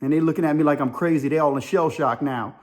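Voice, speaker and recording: A man tells a story in a casual, rambling monologue. His voice sits a touch high for a man. He talks in loose street slang and repeats himself as he goes. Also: fairly even intonation, quick pace, a little mellow. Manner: colloquial, rambling with repetitions. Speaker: vlogger.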